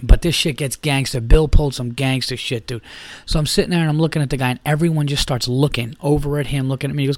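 A man of middle pitch tells a long, profane story on his podcast, jumping into the voices of the people in it. His delivery is loose and animated. The sound is dry and close to the mic. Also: quick pace, no echo. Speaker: podcast host telling a story. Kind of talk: casual storytelling.

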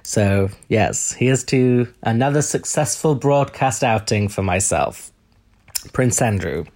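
A man's voice: mid-range voice, lively intonation, slow pace, darkish tone. A man doing a comic impression of a pompous, self-pitying posh middle-aged royal man. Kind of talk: comedic impression.

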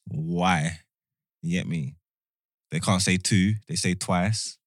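A man's voice: low-pitched, takes it slowly, no room sound, clean studio sound. A young man, chatting in slangy, rambling banter and laughing often. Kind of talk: casual banter.

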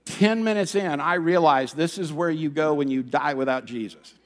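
A middle-aged man preaching a sermon as pastor, animated, telling stories and swinging from loud bursts to hushed, quiet passages. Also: on the high side, normal speed. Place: church sanctuary. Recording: long reverb of a large hall.

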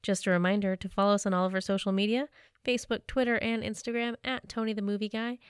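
A woman co-host reads a scripted outro in a brisk, cheerful way. Her voice is smooth and clear, and the recording is dry and close. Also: medium pitch, flat delivery, no room sound. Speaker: podcast co-host.

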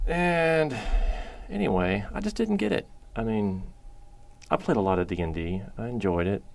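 A man's voice: on the low side, lively intonation, moderate pace, vocal fry, a little hiss or hum. A man co-hosting a podcast, telling a rambling story with crude jokes and lots of fillers. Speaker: podcast co-host. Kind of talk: casual chat.

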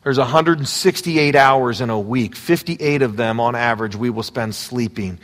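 A man preaching a sermon, moving between quiet, intimate asides and loud, fervent exhortation. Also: mid-range voice, moderate pace, big-room sound. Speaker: pastor. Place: church sanctuary.

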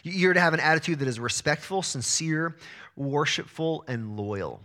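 A man in his thirties preaching a sermon as pastor, energetic, often repeating words as he starts a phrase. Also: fairly high pitch, normal speed.

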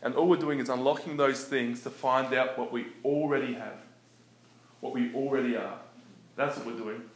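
A man preaching in a relaxed, conversational way, often chuckling between his points. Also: medium pitch, normal speed. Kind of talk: conversational sermon. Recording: echoey room with faint background noise.

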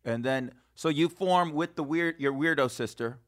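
A man's voice: fairly high pitch, moderate pace, fairly bright tone. A man hosting a casual podcast interview, blunt and joking, with a profane streak. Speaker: podcast host.

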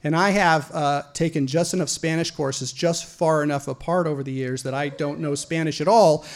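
A middle-aged man telling a personal story live, wry and animated, rising to loud outbursts. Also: on the high side, moderate pace.

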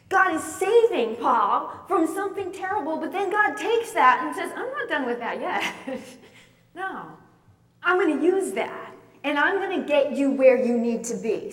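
A woman's voice: high voice, a bit bright. Lady preaching a sermon, emphatic storytelling, echoey hall, kinda far from the mic. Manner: storytelling with emphatic, swelling delivery.

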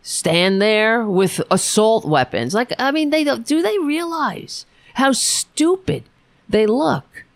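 A woman's voice: fairly high pitch, animated, slow pace, no room sound. A woman hosting a political podcast, ranting alone in an angry, sarcastic, profane way with many restarts. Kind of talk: ranting solo commentary.

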